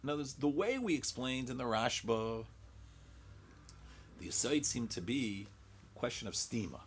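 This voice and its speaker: A man's voice: medium pitch, expressive, moderate pace, a little hiss or hum. A man teaching a Talmud lecture. He mixes English with Hebrew and Aramaic study terms and thinks aloud in rhetorical questions, often repeating words.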